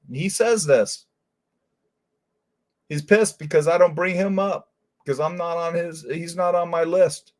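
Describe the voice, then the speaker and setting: A man's voice: a little high, measured pace, pauses often. A man hosting a commentary show as a former detective. He rants in a heated, profane way. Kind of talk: angry commentary.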